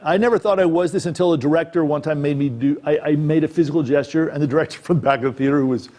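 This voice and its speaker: Mellow-voiced man coaching actors. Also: a little high, very fast. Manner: conversational, checks in with listeners. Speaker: acting coach. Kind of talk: workshop talk. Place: presentation room.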